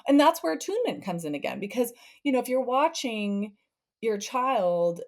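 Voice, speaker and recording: A woman's voice: a little high, very animated, moderate pace. A woman therapist and podcast guest giving conversational parenting advice, acting out family scenes with playful voice shifts.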